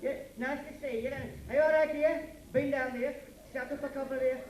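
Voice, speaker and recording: A man's voice: very high voice, fairly even intonation, fairly quick, darkish tone, a little hiss or hum. A man in a comedy double act at a working men's club, chirpily greeting the audience with daft comebacks. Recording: echoey club from far off.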